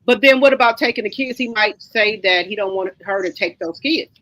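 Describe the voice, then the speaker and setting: A woman's voice: medium pitch, a little fast, fairly bright tone, no room sound. A woman in a casual gossip chat who keeps repeating her questions insistently.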